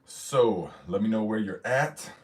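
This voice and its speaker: A man's voice: fairly low pitch, measured pace. A man from the hosting a casual livestream, chatting loosely, reading out viewer comments and greeting them, slightly out of breath. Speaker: livestream host.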